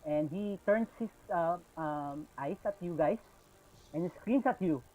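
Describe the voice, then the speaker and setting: A Filipino man running a tabletop game, narrating the action with plenty of ums and parangs as he switches between English and Tagalog. His voice sits a little high for a man. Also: measured pace, darkish tone, rough recording. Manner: narrates with many fillers, mixing English and Tagalog. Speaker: game master.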